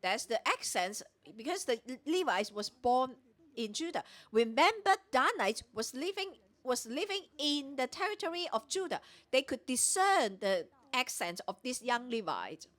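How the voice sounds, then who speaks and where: A woman's voice: high voice, big pitch swings, a little slow, a bit bright. A woman preaching at a morning prayer meeting, explaining a Bible passage verse by verse and acting out the characters' lines. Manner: retells scripture with voiced dialogue. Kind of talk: Bible teaching sermon.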